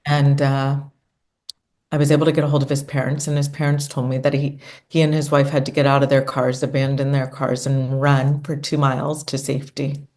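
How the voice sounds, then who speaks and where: A woman's voice: a bass voice, flat delivery, a little fast, a little mellow. A middle-aged woman recounting a personal experience in an earnest, emotional way as an interview guest. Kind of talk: conversational interview storytelling.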